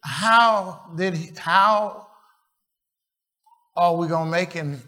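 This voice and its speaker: Preacher guy, slow and halting, keeps asking the church "what?", a bit high-pitched. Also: bright, forceful tone. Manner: call-and-response questions to the congregation; slow, halting, repeats and restarts phrases. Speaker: pastor. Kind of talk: sermon.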